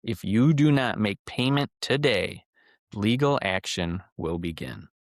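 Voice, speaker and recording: A man's voice: lowish voice, animated, unhurried, gravelly, no echo, clean studio sound. A man voicing a stern male scam caller who poses as a tax agent, giving cold commands. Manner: cold, commanding, barks orders.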